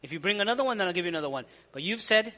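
A man preaching in a bright, high voice, explaining points earnestly and repeating lines to drive them home. His voice rings out with a long reverb, as in a large hall. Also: expressive, very fast. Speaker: Islamic preacher. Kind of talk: sermon lecture.

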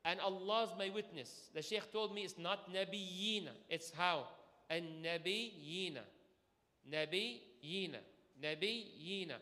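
A man giving an energetic sermon to a live audience, asking the crowd questions and waiting for their answers. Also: high voice, unhurried. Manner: energetic, asks audience questions, call-and-response. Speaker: imam. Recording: echoey hall.

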